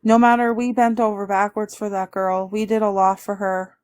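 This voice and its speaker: A woman's voice: mid-range voice, flat delivery, normal speed. A woman with a Canadian accent in a candid, casual livestream chat, laughing often and answering viewer comments. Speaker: livestream guest.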